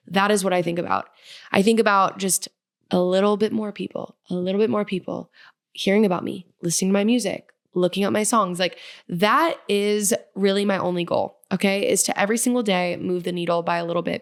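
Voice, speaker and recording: A young woman hosting her solo podcast, talking casually and earnestly, gushing and upbeat as she encourages her listeners. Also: medium pitch. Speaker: podcast host, independent musician. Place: Nashville.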